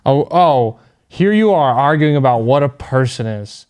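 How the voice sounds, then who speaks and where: A man's voice: medium pitch, expressive, a little slow, darkish tone, clean tone. A young man co-hosting a sports podcast, teasing his friends with mock-serious, crude banter. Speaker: podcast co-host. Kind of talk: casual sports chat.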